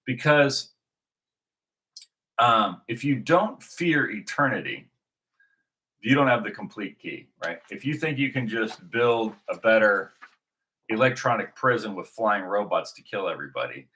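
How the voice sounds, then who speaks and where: A man's voice: fairly low pitch, expressive, unhurried, sharp tone. A man giving an unscripted, rambling religious monologue to his video audience, with many restarts and fillers. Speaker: video host.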